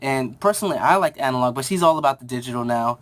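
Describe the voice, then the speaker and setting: A TV show reviewer giving a casual episode recap, rambling with many fillers and restarts, and acting out characters' lines in quick asides. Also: medium pitch, lively intonation, a bit bright.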